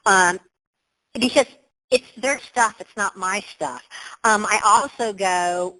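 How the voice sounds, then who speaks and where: A woman's voice: medium pitch, normal speed, a bit bright, low-quality recording. A woman giving a motivational webinar talk over her computer, emphatic and upbeat, with exclamations. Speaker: webinar presenter.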